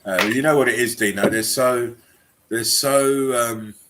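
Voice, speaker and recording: A man's voice: mid-range voice, a little slow, a bit bright. A man hosting a casual chat, agreeing often and chiming in. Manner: agreeable, backchanneling.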